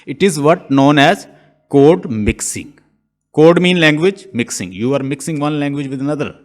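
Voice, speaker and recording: A man's voice: on the high side, moderate pace. A man teaching a lesson, explaining step by step and often restarting his phrases. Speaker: English teacher. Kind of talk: online lecture.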